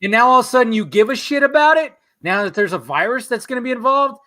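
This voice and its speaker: A man's voice: very high voice, very animated, fast, bright, forceful tone. A man hosting a casual live stream, ranting heatedly with lots of swearing. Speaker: host.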